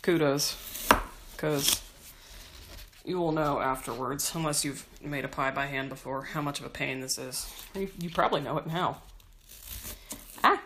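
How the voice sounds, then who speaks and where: Low-voiced woman rambling while cooking. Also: measured pace, pauses often. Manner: rambling, profane, self-mocking. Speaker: home cook. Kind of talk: casual chat while cooking. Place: home kitchen. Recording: kitchen noise with knife chopping.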